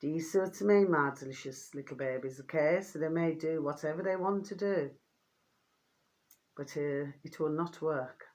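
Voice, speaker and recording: Chatty woman, rambling and hoarse. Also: low voice, normal speed, a little mellow. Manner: affectionate, rambling, keeps asking "do you see what I mean". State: getting hoarse. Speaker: vlogger. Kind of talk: casual chatty vlog to viewers.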